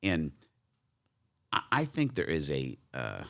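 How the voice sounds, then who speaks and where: A man's voice: rumbling low, wildly swooping pitch, takes it slowly, gravelly. A man in his forties hosting a podcast, talking thoughtfully and rambling with restarts. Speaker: podcast host. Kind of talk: conversational interview.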